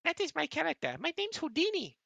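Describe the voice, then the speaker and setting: A woman voicing an excitable little male owl receptionist in a tabletop game, eager and overexcited. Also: sits high, quick pace, gravelly, dry recording, dull audio, pitched above the performer's own voice, exaggerated voice. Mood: excited.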